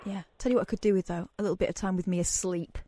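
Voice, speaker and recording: Talking very fast in a warm, medium-pitched voice with fairly even intonation, this Manchester woman runs a late-night radio phone-in. She's chatty and teasing, and laughs readily.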